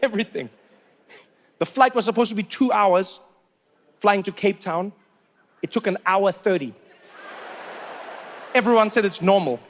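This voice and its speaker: A man's voice: high-pitched, expressive, normal speed, long pauses. A man in his forties from South Africa doing stand-up comedy, telling stories with incredulous rising questions.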